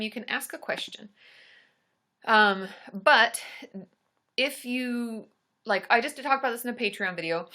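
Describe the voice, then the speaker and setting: Bright, bubbly woman chatting live. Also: mid-range voice. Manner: bubbly and chatty, cheering viewers' names. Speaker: therapist. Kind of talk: live-stream Q&A, answering viewer comments.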